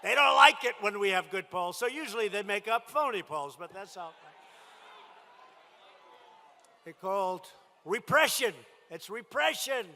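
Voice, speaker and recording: A man delivers a campaign rally speech in a big indoor venue. His voice sits high and comes out forceful and sharp. He talks in short, emphatic bursts and keeps circling back to the same lines. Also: lively intonation, measured pace, long pauses. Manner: emphatic, repetitive, punchy phrasing. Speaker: politician addressing a rally.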